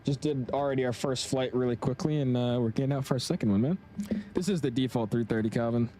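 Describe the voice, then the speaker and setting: A man's voice: medium pitch, quick pace, dark tone, slight background noise. Laid-back young man streaming a flight sim. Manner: laid-back, chatty, slangy, reads chat aloud. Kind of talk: casual live-stream commentary.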